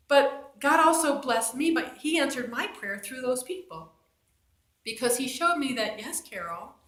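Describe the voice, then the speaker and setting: A woman's voice: medium pitch, a bit bright. A woman from New Jersey telling a personal faith testimony in a chatty, conversational way. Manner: conversational, chatty with fillers and restarts. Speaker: storyteller on her own channel. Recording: roomy echo.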